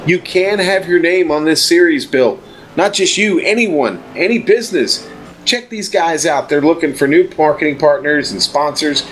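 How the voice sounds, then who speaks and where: A man's voice: on the high side, moderate pace. Guy calling a sim race, laid back and chatty, lots of uhs, faint hiss behind him. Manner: relaxed, chatty, frequent fillers. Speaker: sim racing commentator. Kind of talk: race broadcast commentary. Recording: faint background noise.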